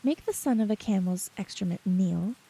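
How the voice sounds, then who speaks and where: A woman voicing an angry male sultan whose low voice trembles with anger, in a whispered role-play reading. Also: moderate pace, gravelly, dark tone, breathy edge, low-quality recording. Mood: seething.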